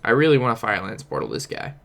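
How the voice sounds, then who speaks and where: A man's voice: mid-range voice, huge pitch swings, quick pace, vocal fry, sharp tone. A young man casually telling a rambling, profane story while commenting on a card game. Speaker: gaming streamer.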